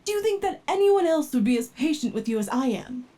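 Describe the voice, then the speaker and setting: Casting: a woman playing a clingy yandere android for whispered role-play, high and mellow, soft and pleading. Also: slow pace. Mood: indignant. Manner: soft and pleading, flaring into anger. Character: obsessive devoted yandere android, adult, unstable temper. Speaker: ASMR role-play performer.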